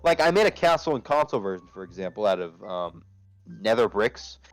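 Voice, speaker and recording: Animated, foul-mouthed young man, dry sound. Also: lowish voice, a little fast, no room sound. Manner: animated, rambling, swears freely. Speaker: interview guest, streamer. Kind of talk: casual online interview chat.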